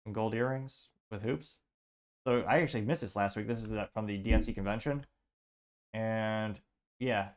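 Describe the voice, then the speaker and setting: A man hosting a political commentary show, sarcastic and halting, stumbling over words and restarting. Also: fairly low pitch, clean tone. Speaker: host.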